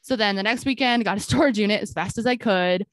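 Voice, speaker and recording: A fast-talking woman of medium pitch, with no room sound around her, co-hosts a podcast and spins a story in casual conversation. She reenacts the exchanges with animation, repeatedly using "I'm like".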